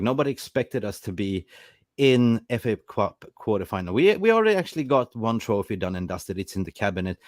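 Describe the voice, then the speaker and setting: Upbeat football show host. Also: male voice, lowish voice, no room sound, clean studio sound. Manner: upbeat, hypes the panel. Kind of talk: live football show chat.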